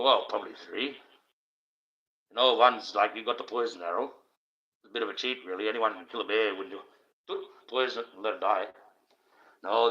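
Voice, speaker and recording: A man's voice: mid-range voice, bright, forceful tone. Swearing, ranting man on a livestream. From Australia. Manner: coarse, swearing, repetitive ranting. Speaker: livestream host. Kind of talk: profane rambling monologue. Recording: dull lo-fi stream audio.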